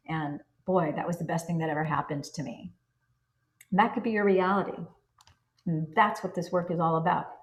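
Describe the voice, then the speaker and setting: Woman, self-help coach, earnest, slightly low voice, roomy echo. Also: a little mellow. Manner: earnest, coaching, acts out inner self-talk. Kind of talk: spoken self-help teaching.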